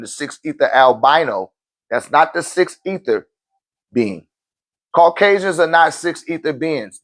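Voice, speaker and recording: A man teaching on a live-stream Q&A in loose, slangy talk, often checking in with his listeners. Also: fairly high pitch. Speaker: spiritual teacher answering viewer questions.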